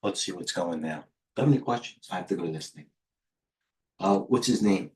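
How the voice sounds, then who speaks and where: A man's voice: low voice, brisk, a little mellow. Man, middle-aged, trading stream host, casual, rambling, wisecracking, muttering. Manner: rambling, joking, self-deprecating, mutters to himself. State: out of breath. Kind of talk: casual live-stream commentary.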